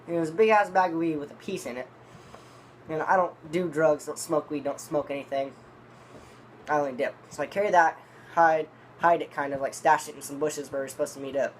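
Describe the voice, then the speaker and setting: A man's voice: fairly high pitch, steady tone, brisk, slight background noise. A man telling a long, rambling story in casual, profanity-laden talk, reviewing dip tobacco. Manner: rambling, profane, restarts often.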